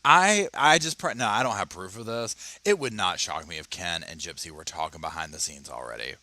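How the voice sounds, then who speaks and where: Man, lively swings in pitch, bright tone, stammering restarts, casual commentary. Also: fairly quick. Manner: animated, chatty, stammering restarts. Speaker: commentary channel host. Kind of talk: casual reaction commentary reading an article. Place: home, at his computer.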